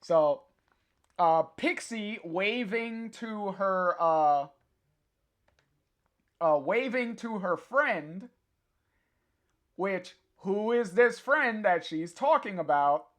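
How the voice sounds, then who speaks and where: A slow, unhurried live-stream host reads a comic aloud and talks straight to viewers in the chat. The delivery halts often, with plenty of filler sounds and restarts. The pitch sits in a middle range. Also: animated. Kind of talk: casual live-stream read-along.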